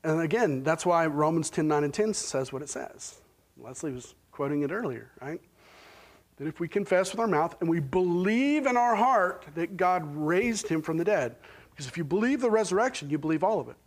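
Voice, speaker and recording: A man's voice: a little high, lively intonation, moderate pace. A man with an Oklahoman accent preaching a sermon in a church, conversational and checking in often with "right?" and "okay?". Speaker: pastor. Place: church sanctuary.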